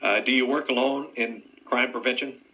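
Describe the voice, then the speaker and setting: A man's voice: medium pitch, steady tone, moderate pace, bright, forceful tone. A man who hosts a radio interview, asking plain and direct questions. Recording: dull lo-fi radio audio.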